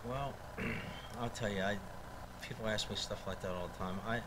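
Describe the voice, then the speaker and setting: Easygoing low-voiced man. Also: normal speed. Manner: relaxed, easygoing, hesitant fillers. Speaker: guest cook. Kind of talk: casual chat. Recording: live radio studio with steady noise.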